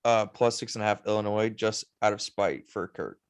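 A man's voice: on the low side, steady tone, normal speed, clear, resonant tone, dry recording, clean studio sound. A man co-hosting a sports podcast, blunt and teasing in his remarks. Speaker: podcast co-host. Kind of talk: casual sports betting chat.

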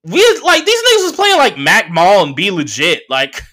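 Animated profane man hosting a podcast. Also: sits high, normal speed. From San Francisco Bay Area. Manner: animated, profane storytelling with mocking voices and laughs. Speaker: podcast host. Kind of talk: casual solo podcast monologue, storytelling.

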